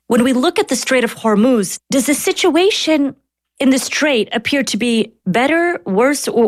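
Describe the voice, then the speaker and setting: A woman co-hosting a news podcast, asking emphatic, pointed questions in conversation. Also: medium pitch. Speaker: podcast co-host.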